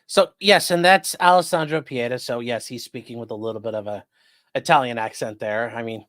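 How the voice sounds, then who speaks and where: A man's voice: medium pitch, a little fast, fairly bright tone, dry recording, studio quality. A man hosting a live-streamed legal news show, giving sarcastic, rambling commentary and talking to his chat. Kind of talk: casual livestream commentary.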